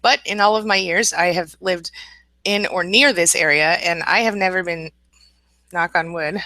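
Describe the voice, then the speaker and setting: A woman from the American Midwest hosting a casual live stream, reading viewer comments aloud and answering them in a warm, reassuring, chatty way with fillers and repeats. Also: lowish voice, moderate pace, dry recording, low-quality recording.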